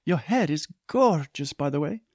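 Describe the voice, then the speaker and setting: A man's voice: a little high, animated, normal speed, dry recording, studio quality, voice pushed up, close to an everyday voice. A man voicing a playful, coy young woman who teases her family, in a story reading. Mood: teasing. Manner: coy and teasing. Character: playful, teasing young woman, the hero's sister.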